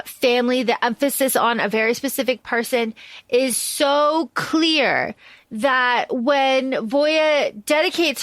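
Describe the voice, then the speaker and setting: A woman co-hosting a podcast, chatting casually about a book, animated and often restarting her sentences. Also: high voice, dry recording. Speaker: podcast co-host.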